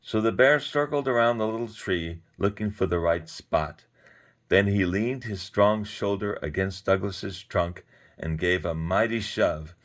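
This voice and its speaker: A man with a low, deep voice reads a children's story aloud. His reading is expressive and animated, with lively emphasis. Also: unhurried.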